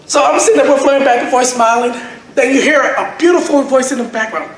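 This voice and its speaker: A man's voice: very high voice, quick pace. A young man doing a crude, rambling stand-up set at an open mic, laughing at his own jokes as he goes. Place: convention panel room with live audience. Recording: very echoey room recording, noisy.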